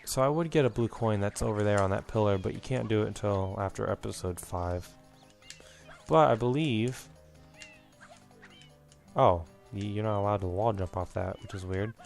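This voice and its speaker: Young man, low-pitched, rambling gameplay commentary, slightly breathless, faint game music behind. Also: normal speed, gravelly, darkish tone. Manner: rambling, reminiscing, full of fillers and restarts. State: a bit out of breath. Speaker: let's play host.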